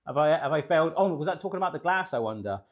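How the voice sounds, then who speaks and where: A man's voice: on the high side, expressive, rapid-fire. Give me a chatty British man hosting a cooking stream. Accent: British English. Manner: chatty, jokey and self-deprecating, reading viewer comments. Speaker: cooking show host. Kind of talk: live-streamed cooking chat.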